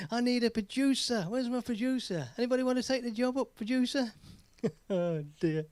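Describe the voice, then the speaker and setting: A man's voice: extremely high pitch, normal speed, a little mellow, clean tone, no room sound. An English man hosting his own music live stream, chatting in a rambling, jokey way. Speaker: live stream host and singer. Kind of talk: casual live stream chat.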